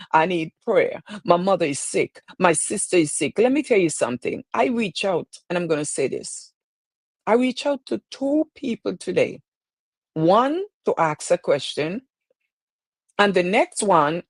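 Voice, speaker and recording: A woman with a lowish voice and darkish tone, heard in a dry recording, hosts her own live stream. She speaks in an emotional, preacherly, impassioned way and repeats phrases.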